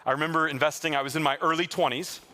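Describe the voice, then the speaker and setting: A man preaching a sermon as a pastor to his live congregation in a church, telling stories in a lively way and teasing the listeners with jokes. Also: a little high, racing. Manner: lively, joking storyteller who teases the congregation.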